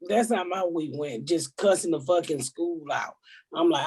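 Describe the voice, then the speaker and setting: An older woman hosting a comedy podcast, loud and profane as she vents in heated, casual storytelling. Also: lowish voice, normal speed, breathy edge. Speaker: host.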